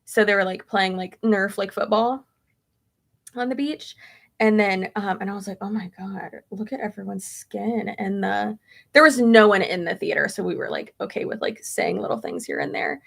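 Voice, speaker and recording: A woman's voice: medium pitch, moderate pace, creaky. A young woman chatting casually, answering viewer questions with lots of fillers and tangents. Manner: chatty, rambling with many fillers. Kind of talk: casual chat.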